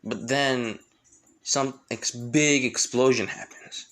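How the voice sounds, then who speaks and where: A man's voice: mid-range voice, steady tone, slow pace, a bit bright. A man telling a fan story in a casual, rambling way, with restarts and asides.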